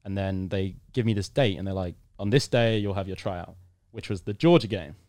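This podcast guest, a young man from the United Kingdom, speaks in a low pitch and fairly quickly while telling a long story during a laid-back interview. He's a lively storyteller who voices the people involved and breaks into loud bursts of excitement. The recording is dry.

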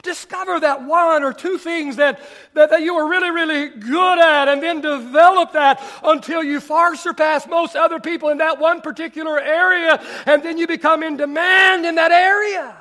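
A male pastor preaching a sermon, repeating phrases for emphasis, shouting some lines and dropping others to a near murmur. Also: extremely high pitch, fairly even intonation, normal speed, few pauses.

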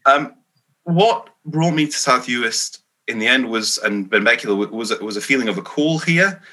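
A man's voice: medium pitch, expressive, moderate pace, sharp tone, rough recording. A man raised in England, a Presbyterian minister, answering interview questions in an earnest, reflective and self-deprecating way. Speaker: Free Church minister.

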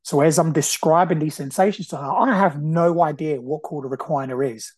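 A man's voice: a little high, a little fast, hardly any pauses, a little mellow, no echo. A man, earnestly telling a personal story as a podcast host, often repeating himself and restarting sentences.

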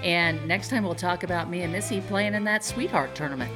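A woman's voice: fairly low pitch, fairly quick, over music. Upbeat woman host signing off. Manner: upbeat, wrapping up with thanks. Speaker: podcast co-host. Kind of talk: casual chat and sign-off.

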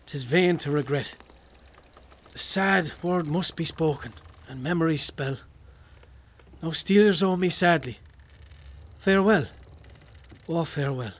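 A man giving a dramatic reading of a diary and a poem, solemn and mournful. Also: a little high.

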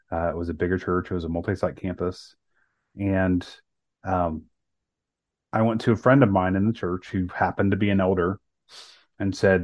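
Low-voiced man telling a personal story. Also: a little mellow, dry recording, lo-fi sound. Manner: earnest, many fillers and restarts. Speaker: podcast co-host. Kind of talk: casual podcast storytelling.

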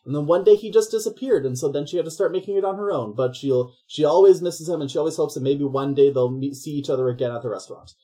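A podcast host retelling a film plot in a loose, rambling way, stopping often to act out the characters. The voice is mellow and dark, and the pitch sits in the middle range. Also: fast talker, hardly any pauses. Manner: rambling, animated storytelling with voices. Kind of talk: casual comedic film recap.

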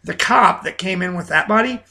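A man's voice: high-pitched, moderate pace, vocal fry. A man co-hosting a podcast, talking casually about an old comedy film, stumbling and restarting his sentences as he goes. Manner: animated, repeats words, many restarts. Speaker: podcast co-host.

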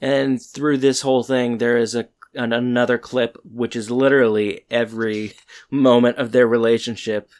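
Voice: medium pitch, flat delivery, normal speed, darkish tone. A co-host in a casual podcast chat, loosely recapping a sitcom episode and moving things along. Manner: loose, chatty, moves the recap along with "so anyway".

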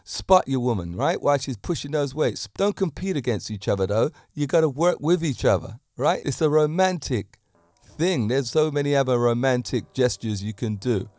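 A man hosting his own podcast, a fitness teacher talking about romance in a lively, preachy way with many rhetorical questions into a handheld mic. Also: medium pitch, moderate pace, no room sound, clean studio sound. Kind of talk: solo podcast talk on romance.

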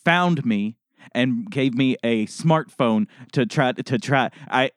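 A man playing an eight-month-old baby who speaks like a grown man, calm, formal and eloquent, in an improvised comedy. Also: medium pitch, takes it slowly, no echo, clean studio sound, natural voice. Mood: deadpan. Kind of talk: improvised comedy role-play.

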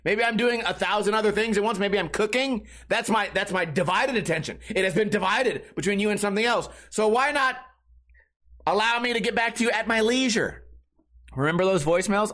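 A young man hosts a podcast in a casual comedic monologue, rambling through stories and swearing freely. His voice sits high and sounds bright and sharp. He shouts when he acts out his own panic. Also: fairly quick. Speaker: podcast host.

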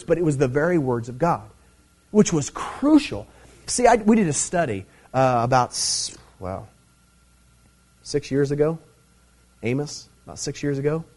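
A middle-aged man preaching a Bible teaching sermon in a conversational way, with many fillers, swelling into emphatic stresses. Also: a little high.

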